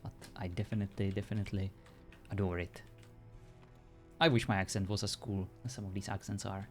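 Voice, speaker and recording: A man's voice: on the low side, little pitch movement, fairly quick, faint music behind. A European man chatting casually with viewers as a streamer, laughing often and joking around.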